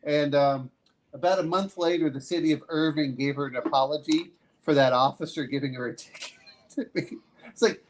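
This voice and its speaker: A man co-hosting a casual stream tells a story in a relaxed, stop-start way. His voice is a touch high, and he laughs easily as he talks. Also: normal speed.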